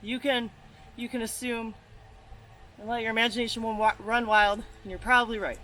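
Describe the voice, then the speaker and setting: A woman's voice: a little high, steady tone, fairly quick, pushed and bright. A young woman films herself outdoors beside her car, talking in a loose, chatty way. She pokes fun at herself, swears now and then, and sounds a little out of breath. Faint noise hums in the background. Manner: chatty, self-deprecating, swears and laughs while working. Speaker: vlogger. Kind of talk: casual solo tutorial vlog. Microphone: handheld camera, moving off frame.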